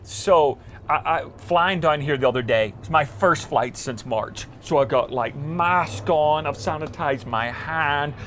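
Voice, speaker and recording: A man with an Irish accent, hosting a casual interview outdoors on a boat at sea, animated and jokey. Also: on the high side, unhurried, slight background noise. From Ireland. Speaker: host.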